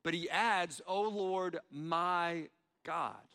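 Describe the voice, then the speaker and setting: A man preaching in a church sanctuary, his voice bright and forceful. His pitch sits a little high, and long reverb trails each phrase through the hall. He talks earnestly and voices pleading prayers. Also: drawn-out words, gravelly. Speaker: pastor. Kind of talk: sermon.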